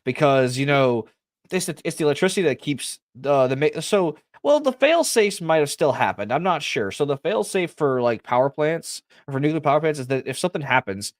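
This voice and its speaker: A man's voice: fairly high pitch, lively intonation, a little fast, dry recording, clean studio sound. A man co-hosting a casual livestream chat, telling things in an eager, rambling way with many restarts. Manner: rambling, full of restarts and fillers, eager storyteller. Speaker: podcast co-host.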